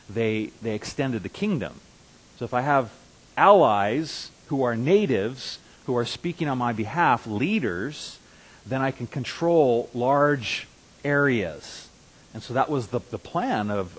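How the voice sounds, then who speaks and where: A man's voice: mid-range voice, slightly rough, rough recording. A man preaching a conversational sermon as pastor, who repeats and restarts words and rises to emphatic bursts. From Russia. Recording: faint hiss.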